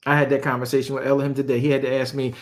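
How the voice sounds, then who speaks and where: A man preaching a sermon at a medium pitch, reading scripture in slow, deliberate phrases. He breaks into casual, slangy asides between verses. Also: little pitch movement.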